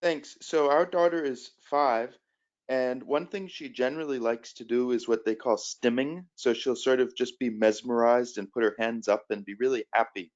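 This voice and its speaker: A man's voice: medium pitch, steady tone, moderate pace. Hesitant father asking a question on a call. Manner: hesitant, with restarts and fillers. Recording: dull lo-fi video call audio.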